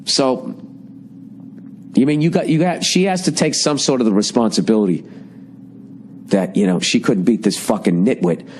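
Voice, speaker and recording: A man's voice: medium pitch, normal speed, pauses often, darkish tone, a little hiss or hum. A man, ranting sarcastically and profanely in a casual podcast monologue, his voice a little strained and cracking. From United States. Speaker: podcast host.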